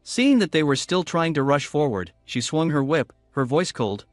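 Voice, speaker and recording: A man narrating a manhwa recap in a brisk, even storytelling manner. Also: fairly high pitch, dry recording, studio quality, soft background music. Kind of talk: scripted narration.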